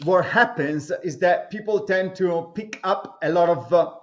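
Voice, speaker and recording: A man answering interview questions in a slow, measured way, pausing often with fillers. His voice sits slightly high. The remote audio sounds dull and lo-fi. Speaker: author and interview guest.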